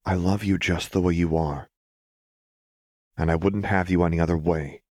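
A man voicing a gentle young woman who speaks in a soft, earnest, reassuring way. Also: sits low, steady tone, moderate pace, dry recording, studio quality, lightly acted.

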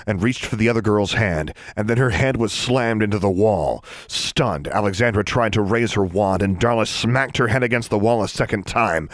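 A man narrating a story in a steady, even reading voice. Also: fairly low pitch, normal speed, hardly any pauses, no echo. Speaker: audiobook narrator. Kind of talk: scripted narration.

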